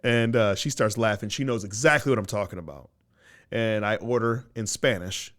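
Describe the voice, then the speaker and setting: Animated male podcast host telling stories. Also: fairly low pitch, normal speed. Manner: animated storyteller, swings from loud to mumbled. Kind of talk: casual chat.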